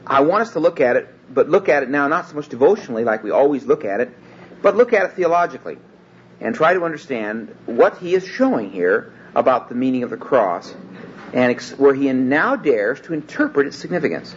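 A Bible teacher gives an expository lecture in a medium-pitched voice with big pitch swings, talking a little fast. He's emphatic yet hesitant, often stopping to restart sentences, on a dull lo-fi recording with faint room hum.

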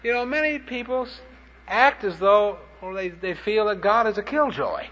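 Man, preacher, animated sermon, high voice, lively swings in pitch, muffled old recording. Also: normal speed, a little hiss or hum. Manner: animated storytelling preacher, plain-spoken with punchy anecdotes. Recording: dull lo-fi recording.

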